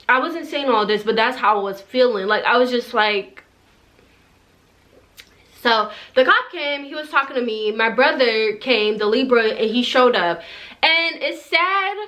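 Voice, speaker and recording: A young woman with a slightly high voice tells a personal story straight to her camera. She talks casually, leans on "like" a lot, and lets raw feeling come through. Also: fairly bright tone. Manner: casual, heavy use of "like", emotional and tearful in places. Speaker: vlogger. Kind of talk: story time vlog.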